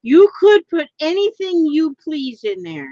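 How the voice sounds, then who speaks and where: A woman co-hosting a casual craft livestream, enthusiastic and quick to laugh. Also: high-pitched, sing-song, mellow, no echo, highs cut off. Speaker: livestream co-host.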